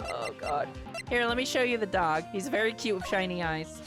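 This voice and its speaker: With game music playing behind her, a young woman offers casual playthrough commentary in an expressive, medium-pitched voice at normal speed. She keeps things playful and voices the game's dialogue aloud.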